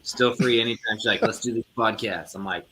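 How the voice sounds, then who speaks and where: A man's voice: fairly low pitch, fairly quick, sharp tone, breathy edge. A man guest in a casual group chat, making joking, teasing asides. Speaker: panel guest.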